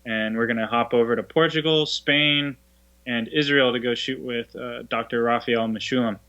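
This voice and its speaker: A man speaking as a guest in a casual chat, in a relaxed, easygoing way. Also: mid-range voice, moderate pace. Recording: dull lo-fi sound.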